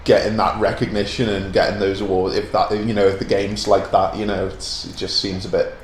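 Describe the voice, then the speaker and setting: Man, podcast guest, reflective and low-pitched, roomy recording. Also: level tone, brisk. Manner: thoughtful, musing, trailing off with tag questions. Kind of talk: casual chat. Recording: roomy echo with faint background noise.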